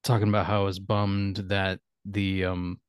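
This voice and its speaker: Chuckling often, a man with a lowish voice rambles through his thoughts in an easygoing podcast conversation. His delivery is at normal speed with a clear, resonant tone, recorded close and dry with no room sound.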